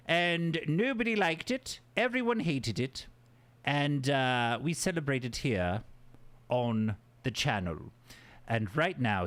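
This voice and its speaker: Goofy, lively man streaming to chat. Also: sits high, smooth. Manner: goofy, playful banter with chat. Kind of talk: casual livestream chat.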